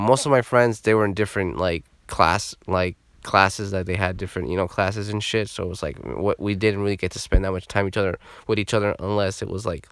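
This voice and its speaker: A man telling a story from his school days in a casual, profane and animated way. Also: fairly low pitch, clear, resonant tone, no echo.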